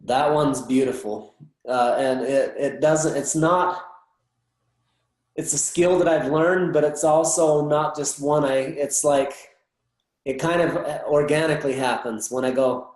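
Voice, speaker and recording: A man's voice: a little high, steady tone, a little slow, a little mellow. A man speaking as a guest in a candid personal conversation, earnest and reflective, often restarting his sentences. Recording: echoey room.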